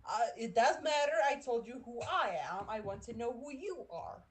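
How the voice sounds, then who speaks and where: Hesitant higher-voiced woman player. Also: animated, normal speed. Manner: hesitant, stammering. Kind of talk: casual tabletop role-play.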